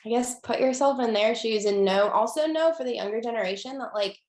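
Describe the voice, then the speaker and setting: A woman's voice: a little high, fairly quick. Chatty young woman in an echoey room. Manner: chatty, many fillers and restarts, lively when quoting. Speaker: guest. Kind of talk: casual interview chat.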